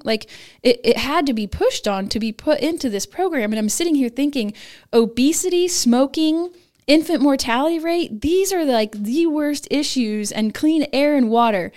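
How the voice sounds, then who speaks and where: Her voice sits high and a little mellow, moving at a moderate pace. Interviewed on a podcast, this nurse and advocacy founder talks policy with earnest emphasis, lifting her tone to drive points home.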